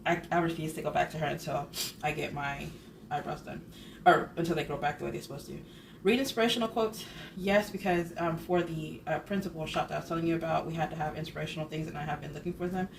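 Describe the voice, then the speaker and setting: A woman's voice: sits low, creaky, a little hiss or hum. A woman in her thirties vlogging in casual, rambling chat, often correcting herself as she goes. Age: 30s. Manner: chatty, rambling, self-correcting. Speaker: budget vlogger.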